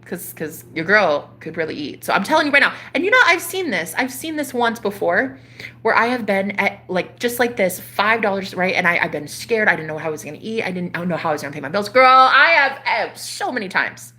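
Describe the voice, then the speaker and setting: A woman in her thirties, a spiritual coach, telling a personal story to her viewers in an animated, casual way, swearing freely. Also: medium pitch, fairly quick. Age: 30s.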